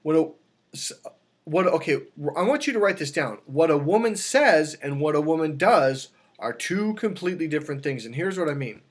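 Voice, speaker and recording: A man with a slightly high voice and moderate pace coaches on dating, speaking casually to camera. He tells an animated story full of restarts and self-corrections, acting out the quoted dialogue.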